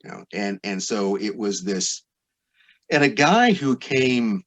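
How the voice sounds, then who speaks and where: A man's voice: lowish voice, lively intonation, takes it slowly, fairly bright tone. A man as a podcast guest, explaining history in a discursive, lecturing way full of asides.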